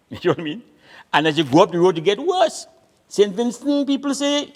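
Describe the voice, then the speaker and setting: A man's voice: high-pitched, brisk. A man, an older Caribbean storyteller, performing comic stories and dialect poetry with a theatrical, playful delivery. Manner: lively, theatrical, playful voices and rhythmic delivery.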